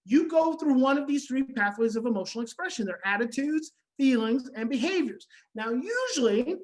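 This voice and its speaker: A woman with a high, bright-pitched voice teaches a conference audience about parenting. She hammers home her points by repeating phrases, and slips into short acted-out reactions to make them vivid. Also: lively intonation, normal speed, poor audio. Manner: emphatic, repeats key phrases, acts out quoted reactions. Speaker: conference speaker on adoption parenting.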